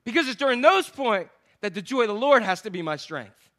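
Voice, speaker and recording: A man preaching a sermon, animated, swinging between loud exclamations and hushed asides. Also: high-pitched, fairly quick. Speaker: pastor.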